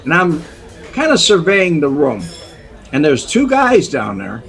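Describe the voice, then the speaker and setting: An older man telling a story as an interview guest, animated, chuckling often and acting out voices. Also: on the high side, a little slow. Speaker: guest, former undercover informant.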